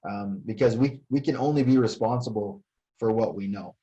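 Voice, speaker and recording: An older man, a retired fire chief, recounts events in a casual interview, hesitating with many fillers and restarts. His voice is lowish and dark at normal speed, and the lo-fi sound is dull.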